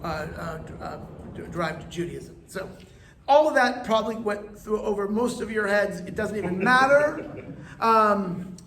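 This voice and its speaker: A man's voice: sits high, lively intonation, measured pace, fairly bright tone. A man, a rabbi, teaching an informal Hebrew lesson with joking side notes and call-and-response vowel drills. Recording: echoey room.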